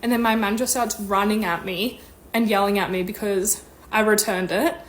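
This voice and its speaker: A woman's voice: mid-range voice, fairly even intonation, moderate pace, poor audio. A young woman wryly recounting her first retail job. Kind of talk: casual storytelling.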